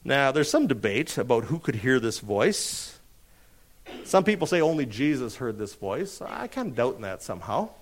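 A man preaching an expository sermon, emphatic, posing rhetorical questions and answering them, slowing down dramatically on key phrases. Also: mid-range voice, very animated.

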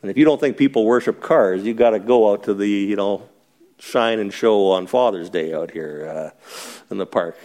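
A man's voice: fairly low pitch, moderate pace, a little mellow. A middle-aged man as a pastor, teaching a Bible study in a conversational, joking way and asking the group questions.

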